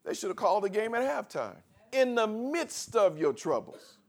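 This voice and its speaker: A man preaching a sermon as pastor, drawing out emphatic words, pausing for effect, and swinging between soft asides and shouted emphasis. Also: high voice, big pitch swings. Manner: drawn-out emphatic words with pauses.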